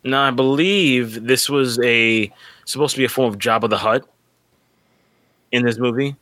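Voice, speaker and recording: A man's voice: mid-range voice, moderate pace, bright, forceful tone, dry recording. A middle-aged man co-hosting a casual movie commentary, wry and fond of sharing trivia. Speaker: co-host.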